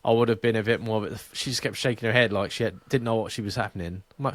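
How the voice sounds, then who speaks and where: A man, a podcast co-host telling stories in sweary, animated casual chat. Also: on the low side, fast talker, few pauses, no echo.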